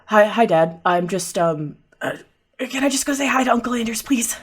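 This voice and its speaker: A woman's voice: animated, normal speed, slightly rough. A woman voicing an eager young boy who begs to stay up. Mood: pleading. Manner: high whiny kid voice.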